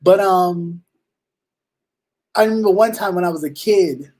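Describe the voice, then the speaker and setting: A man hosting a talk show in casual commentary, slangy and animated, acting out little exchanges, with halting restarts. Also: sits high. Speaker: show host.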